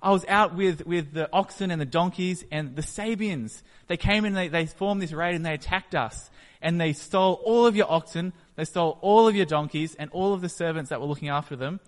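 A man voicing a panicked male servant who rushes in with disaster news, frantic and breathless. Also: a little high, a bit bright, long reverb tail, close to an everyday voice. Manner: frantic, breathless, repeating the name.

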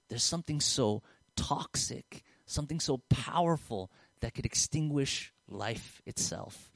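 A man's voice: medium pitch, lively intonation, a little slow, dry recording. Male pastor, conversational storyteller, medium voice, dry close mic. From Australia. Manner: conversational, acts out dialogue in a raised voice, turns quiet and earnest. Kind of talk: storytelling sermon.

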